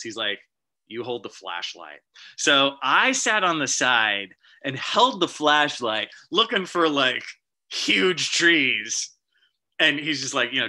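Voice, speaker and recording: A man giving a casual storytelling slide talk to an astronomy club, chatty and animated, with many fillers and restarts. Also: medium pitch. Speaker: guest presenter at an astronomy club meeting.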